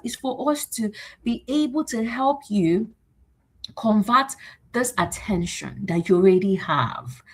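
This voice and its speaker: A woman hosts a motivational livestream talk. Her voice is husky, and she rallies the listeners with repeated phrases and little acted-out exchanges. She sits at a middling pitch for a woman. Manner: animated, repetitive and rallying, acting out exchanges in higher voices. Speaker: host.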